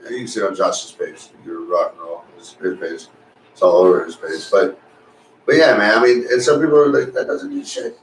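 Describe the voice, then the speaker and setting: A man's voice: low-pitched, brisk. Laid-back man in a roomy echo. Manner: laid-back, profane, laughs often. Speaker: podcast co-host. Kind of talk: casual chat. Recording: echoey room, distant mic, faint noise.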